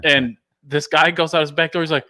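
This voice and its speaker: A man's voice: on the high side, steady tone, brisk, pushed and bright, no echo. A man hosting a casual podcast, telling a story with lots of laughter and animation. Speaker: podcast host.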